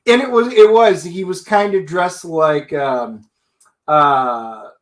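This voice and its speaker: Animated guy cohosting a movie chat, laughs easy, pretty high voice. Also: slow pace. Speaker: co-host, movie reviewer. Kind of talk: casual chat.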